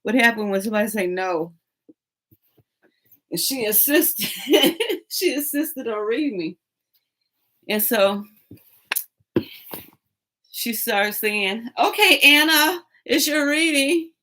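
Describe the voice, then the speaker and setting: A woman's voice: mid-range voice, animated, slow, pauses often, a bit bright. A woman hosting a tarot live stream, telling a rambling, profane story and laughing often.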